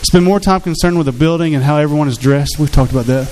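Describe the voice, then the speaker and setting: Earnest preacher, slightly high voice. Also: male voice, fast, darkish tone, poor audio. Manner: earnest, conversational preaching with acted-out quotes. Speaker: pastor. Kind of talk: sermon.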